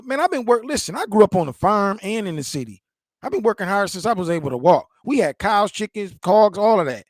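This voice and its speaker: A man's voice: high voice, dry recording, clean studio sound. A man hosting his own online show, reacting with passion to a clip and talking straight to the viewer in casual slang. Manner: impassioned, repeats himself, talks back to a video. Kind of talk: casual commentary monologue.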